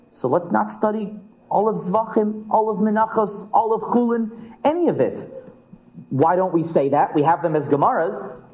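A man teaches a Talmud class with real animation, his somewhat high voice leaping up and down as he acts out the sages' questions. He speaks in a lively sing-song. The recording is dull and lo-fi.

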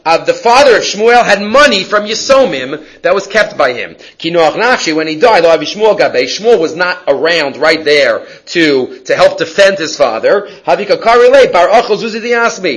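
A man teaching a Talmud class, translating line by line and acting out the dialogue with lively energy. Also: high-pitched, normal speed, hardly any pauses, rough recording. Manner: lively, acts out the story's dialogue.

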